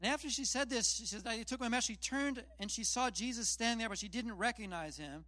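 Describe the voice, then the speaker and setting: A man's voice: very high-pitched, fast, bright, forceful tone, no echo. A man preaching a casual sermon, retelling scripture in plain, chatty storytelling with self-deprecating asides. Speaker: pastor.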